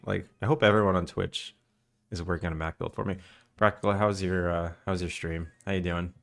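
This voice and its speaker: A young man talks with viewers on a live stream right after waking up. His voice sits very low and gravelly with morning fry, and he keeps it drowsy, relaxed and chatty. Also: a little fast. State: just woken up, morning voice. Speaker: game developer streamer. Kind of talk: casual live-stream chat.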